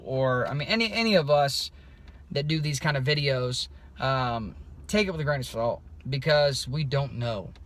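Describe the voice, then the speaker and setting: A man giving a casual, rambling video update, loose and unscripted, with many pauses and restarts. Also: a little high, sharp tone. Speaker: crypto vlogger.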